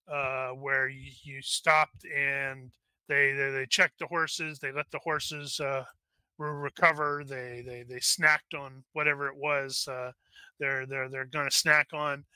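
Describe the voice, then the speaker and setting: Rambling game master man, bright sharp voice. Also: mid-range voice, level tone, slow, clean tone, dry recording. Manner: rambling, full of fillers and restarts. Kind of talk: narrating a tabletop game.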